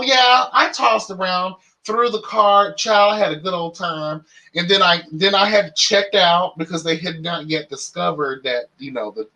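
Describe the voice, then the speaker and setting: A man's voice: on the high side, sharp tone. A man hosting his own channel, telling a story as a casual rant, profane, sassy and dramatic. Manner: exasperated, dramatic retelling. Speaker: channel host.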